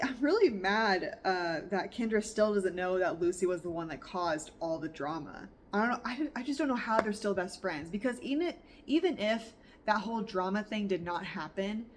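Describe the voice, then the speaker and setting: Young woman book vlogger, chatty, laughing reactions, mid pitch, faint noise. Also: expressive, normal speed. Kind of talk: casual reading vlog chat. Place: home in the countryside.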